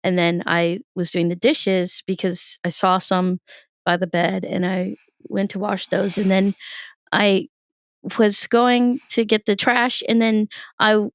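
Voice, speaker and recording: A woman's voice: medium pitch, slow pace, no echo. A young woman, a comedian, telling stories in a casual interview, laughing often and acting out what people said. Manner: animated storytelling, laughs often, acts out quotes. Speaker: podcast guest, comedian. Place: in her bed.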